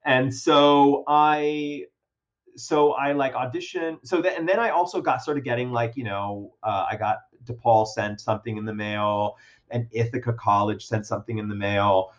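A young man telling a story in a casual chat, animated and self-deprecating, with lots of fillers and restarts. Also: mid-range voice, moderate pace. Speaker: guest. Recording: dull lo-fi sound.

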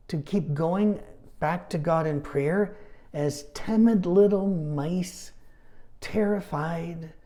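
A middle-aged man leading a Bible study, talking casually and telling animated stories with asides. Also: fairly high pitch. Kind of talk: conversational Bible teaching.

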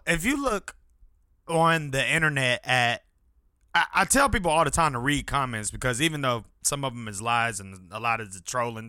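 A man's voice: medium pitch, bright, forceful tone, smooth, no room sound, studio quality. A man in his thirties hosting a solo podcast, telling a story in a casual, profane way that keeps flaring into irritation. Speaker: podcast host. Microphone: podcast mic without headphones.

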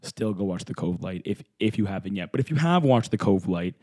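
A man's voice: deep voice, lively intonation, a little fast, a little mellow. A man co-hosting a podcast, ranting in playful mock anger with slang and swearing during casual banter. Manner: mock-angry ranting, joking. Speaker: podcast co-host.

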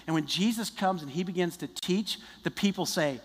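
High-voiced preacher in a reverberant hall. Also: male voice, normal speed, few pauses. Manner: conversational, animated preaching with restarts. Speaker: pastor. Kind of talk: sermon. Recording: long reverb of a large hall.

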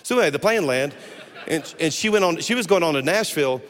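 Brief: male pastor, chatty storyteller from the pulpit, higher pitch, echoing church hall. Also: fast talker. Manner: animated, jokey storyteller with many restarts. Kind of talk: storytelling sermon. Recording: echoey hall.

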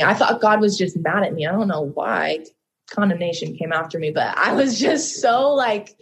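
A woman's voice: lowish voice, normal speed, creaky. A young woman telling a personal story in a casual podcast conversation, earnest and rambling, with many repeated "so" and "like" fillers. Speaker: guest songwriter.

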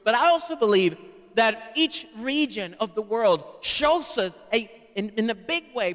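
A man's voice: very high voice, bright, forceful tone. A man preaching a sermon to a live congregation and having them repeat words back. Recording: long hall reverb.

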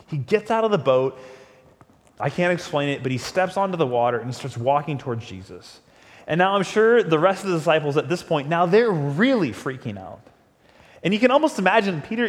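A male pastor preaching a sermon, telling the story with animated, acted-out quotes. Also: a little high, big-room sound.

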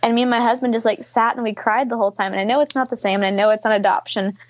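A woman's voice: a little high, fairly even intonation, very fast, no room sound, lo-fi sound. A woman in her twenties, a foster and adoptive parent, talking earnestly and casually in an interview over a video call, with lots of fillers. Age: 20s. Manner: chatty, earnest, many fillers like "like" and "kinda".

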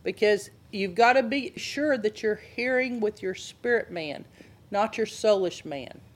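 A woman's voice: mid-range voice, a little slow. A woman giving a conversational Bible teaching and asking her listeners questions. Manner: conversational, asks the audience questions.

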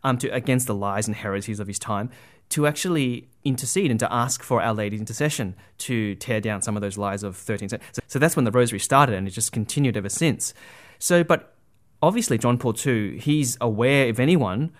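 This Catholic speaker talks fairly quickly at medium pitch, delivering a conversational religious talk with earnest feeling. He keeps restarting sentences and sprinkles in asides like "you know" and "right?".

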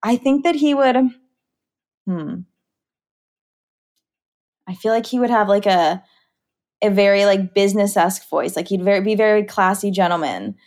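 Bubbly and giggly, a Californian woman chats as a pet-owner guest in a casual interview, leaning heavily on "like." Her voice is mid-range and a little mellow, at a moderate pace with long pauses.

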